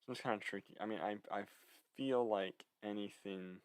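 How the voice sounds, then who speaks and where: A man's voice: lowish voice, normal speed, clean tone, dry recording. A young man chatting casually to camera, rambling with many fillers and slightly out of breath. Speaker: vlogger. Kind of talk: casual chat.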